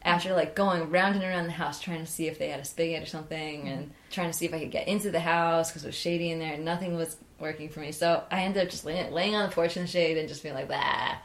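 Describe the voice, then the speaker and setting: A young woman talking in a loose, chatty way, full of "like" and trailing restarts. Her voice sits a little low, but it leaps up when she acts out her own excited reactions. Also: quick pace, hardly any pauses. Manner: chatty, animated, many "like" fillers, jumps high acting out her own reactions. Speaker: interview guest. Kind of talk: casual storytelling.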